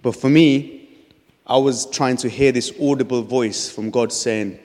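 A man's voice: medium pitch, a little slow, a little mellow. Man preaching in a reverberant hall. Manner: earnest storytelling with frequent restarts. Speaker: speaker sharing a testimony. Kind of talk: testimony preaching.

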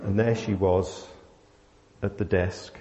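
A man preaches in a low, mellow voice, telling a story in a halting way with many fillers. The sound is dull and muffled. A long reverb trails each phrase, as in a large hall. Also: fairly even intonation. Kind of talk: sermon with a personal story.

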